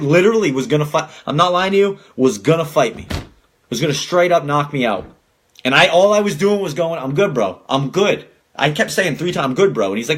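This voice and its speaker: A young man hosting a podcast, telling stories in a casual, profane rant and acting out the people he quotes. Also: on the high side. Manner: profane, animated storytelling with quoted voices. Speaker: podcast host. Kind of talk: casual ranting monologue.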